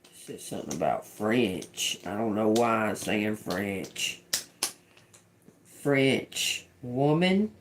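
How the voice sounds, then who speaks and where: A woman doing an intuitive tarot reading. She repeats channeled words slowly and quietly, then turns chatty when she explains them to viewers. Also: rumbling low, animated, background noise. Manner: slow, murmured repetition of channeled words. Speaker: tarot reader.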